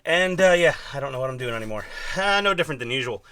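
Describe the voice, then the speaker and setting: Talking fast with hardly any pauses, this expressive New York man has a medium-pitched, pushed and bright voice with a clean tone, recorded dry. He rambles through casual workshop chat while assembling a scale model at his home hobby bench, poking fun at himself and filling his speech with fillers.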